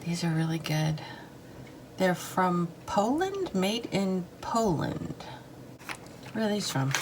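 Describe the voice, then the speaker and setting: An American woman with a fairly low, slightly mellow voice chats slowly while drawing and coloring, her pitch swinging widely. She vlogs about art supplies in a rambling, hesitant, self-deprecating way, with slight background noise.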